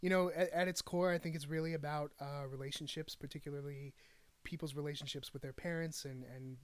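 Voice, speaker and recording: A man's voice: fairly high pitch, steady tone, fairly quick, smooth, no echo. A man, a theater director, answering interview questions with lots of hesitation. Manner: hesitant, many fillers and restarts.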